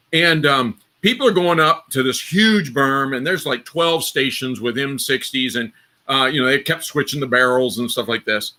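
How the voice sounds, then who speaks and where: A middle-aged man hosting a live stream, telling rambling war stories in a casual, animated way with sudden loud bursts. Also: on the high side. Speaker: host.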